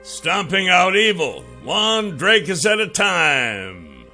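A man's voice: sits high, big pitch swings, slow, creaky, sharp tone, soft background music, pitched above the performer's own voice, heavily acted. A man voicing a confident male dragon in human form, speaking in a dry, teasing, self-assured way. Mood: wry.

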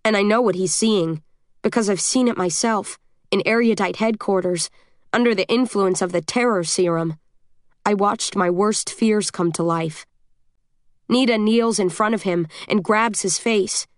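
A woman narrates a first-person audiobook in a steady, measured voice with a tense edge. The sound is dry and close, with no room around it. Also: mid-range voice, no echo.

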